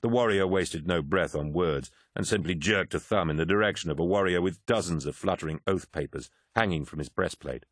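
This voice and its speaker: In scripted audiobook narration, a man reads in a very deep, low voice with a grave, measured delivery. The recording is dry and close-miked with no room sound, and the tone is fairly bright.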